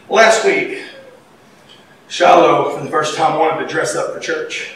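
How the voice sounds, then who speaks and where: Male preacher, high and forceful tone, lively storytelling with shouts, distant mic in a reverberant room. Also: a little slow, pauses often, a little hiss or hum. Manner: animated, folksy storytelling with sudden shouts. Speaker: pastor. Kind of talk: sermon. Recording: echoey hall, mic far off.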